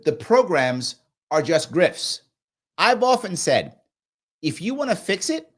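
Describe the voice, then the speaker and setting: A man hosting a live reaction show, talking emphatically and acting out people in quotes as he comments. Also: fairly high pitch. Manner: animated, acts out voices in quotes; emphatic and repetitive. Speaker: host reacting to a clip.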